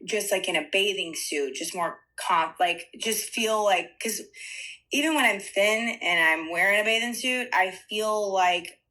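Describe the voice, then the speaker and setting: Woman client, bright tone, halting delivery, searching for words. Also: mid-range voice, poor audio. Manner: hesitant, halting, many fillers and restarts. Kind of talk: consultation, personal talk.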